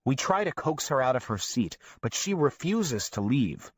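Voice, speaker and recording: A man narrating an audiobook in a lively storytelling manner. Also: medium pitch, normal speed, slightly rough, no echo, studio quality. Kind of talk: scripted narration.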